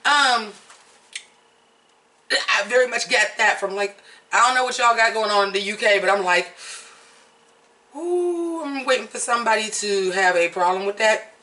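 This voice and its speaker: A chatty, outspoken American vlogger talking through opinions in a loose, candid way and swearing freely. The voice is bright and a little sharp, and it sits some distance back from the mic. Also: medium pitch, fairly even intonation, moderate pace. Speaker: vlogger reviewing a reality show. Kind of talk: casual commentary.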